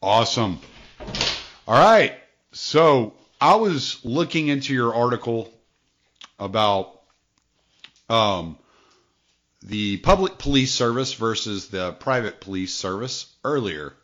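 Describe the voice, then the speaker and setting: A man hosting a podcast interview, asking relaxed questions with some halting and fillers. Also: medium pitch. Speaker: podcast host interviewing a guest. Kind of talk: casual interview. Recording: dull lo-fi sound.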